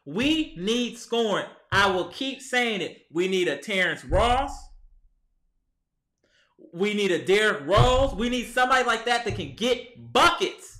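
A high, bright-toned man rants at his team, heated and exasperated, as if talking to the players themselves. His voice rings off the walls of an echoey room at home, picked up by a camera mic. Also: lively intonation, a little slow. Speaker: sports vlogger. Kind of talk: ranting fan commentary.

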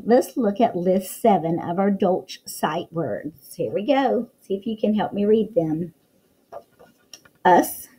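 A woman's voice: medium pitch, dark tone, breathy edge, poor audio. A woman teacher reading a picture book aloud to young children, full of exclamations and questions to the listener.

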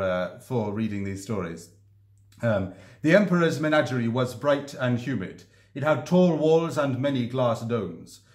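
A man talking about his own writing to camera, thoughtful and hesitant, with many ums and restarts. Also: medium pitch. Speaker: author discussing his writing. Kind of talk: casual explanatory vlog. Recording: echoey room.

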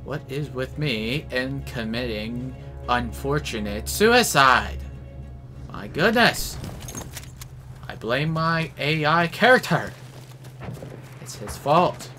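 A man giving live commentary while playing a shooter game, excitable, yelling at enemies and trading mild minced oaths. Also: medium pitch, takes it slowly, long pauses, soft background music. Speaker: gameplay commentator. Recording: game noise clearly behind voice.

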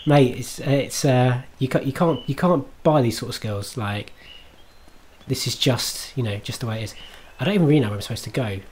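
A man's voice: medium pitch, a little fast, a little mellow, a little hiss or hum. Chatty man streaming a game. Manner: self-mocking, chatty, swears and laughs at his own play. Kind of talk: live gameplay commentary.

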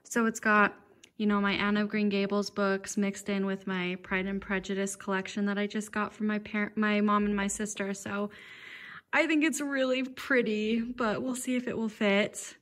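A woman's voice: mid-range voice, little pitch movement, moderate pace, fairly bright tone. A young woman chatting casually in a home vlog, giggly and full of fillers. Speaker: book vlogger. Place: home library room.

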